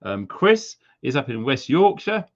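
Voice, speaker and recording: A man's voice: mid-range voice, very animated, a little slow. Chatty man hosting a live stream. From Wales. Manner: chatty, jokey, slips into silly accents. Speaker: livestream host. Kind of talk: casual live-stream shout-outs. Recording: slightly dull lo-fi stream audio.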